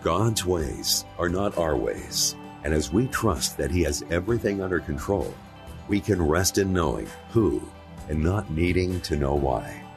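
A man reading a scripted program introduction as announcer, in a smooth, even read. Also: sits low, measured pace. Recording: music bed behind voice.

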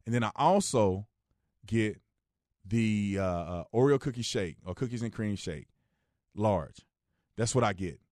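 A man hosting a radio talk show, giving casual joking opinion commentary, jumping between loud outbursts and low, quiet asides. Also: animated, a little slow, long pauses, no echo, clean studio sound.

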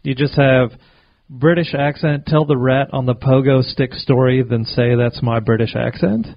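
A man's voice: medium pitch, steady tone, normal speed. A man co-hosting a podcast, chatting casually in a teasing, sweary way. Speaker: podcast co-host. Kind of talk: casual chat. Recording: dry, slightly muffled podcast audio.

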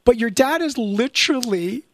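A man's voice: very high-pitched, animated, normal speed, fairly bright tone. A man hosting a casual interview, playful and teasing, full of jokey asides. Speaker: interview host.

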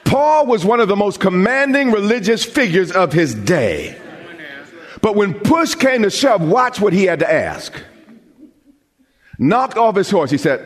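A man preaching a sermon as pastor, with dramatic pauses, rising emphasis and questions thrown out to the congregation. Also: high voice, very animated, husky. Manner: call-and-response questions to the congregation.

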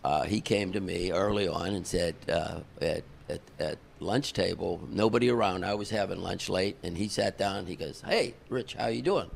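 A man, a concert promoter guest on a podcast, telling an animated story and acting out the dialogue. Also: low-pitched, normal speed, gravelly, hardly any pauses, slight background noise. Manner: animated, chuckles through the story, acts out dialogue.

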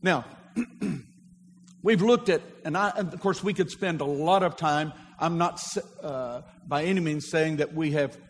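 A man's voice: a little high, a little hiss or hum. A man, a pastor, preaching a sermon to his congregation and calling on them to repeat after him. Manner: preaching with call-and-response to a congregation. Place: church sanctuary. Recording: long hall reverb of a church.

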